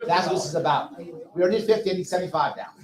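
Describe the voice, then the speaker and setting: A man's voice: high-pitched, rapid-fire, poor audio. A man running a fundraising auction at a political rally, coaxing bids with jokes. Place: brewery rally. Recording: lively crowd around.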